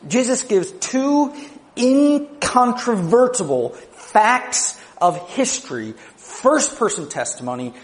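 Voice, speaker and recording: Preaching slowly with big swings in pitch, a man moves between soft, low asides and raised, forceful declarations, peppering his sermon with conversational "right?" asides.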